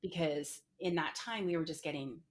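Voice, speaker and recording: Brief: middle-aged woman guest, low-pitched voice, candid, filler-heavy storytelling. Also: moderate pace, a little hiss or hum. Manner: frequent "like" fillers, emotional retelling. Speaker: podcast guest, entrepreneur.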